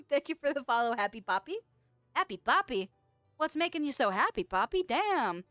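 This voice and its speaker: A young woman with a high, fairly bright voice streams at a moderate pace, very animated as she chats with viewers, reads their messages aloud, and giggles playfully and often. There's no room sound, just faint background music.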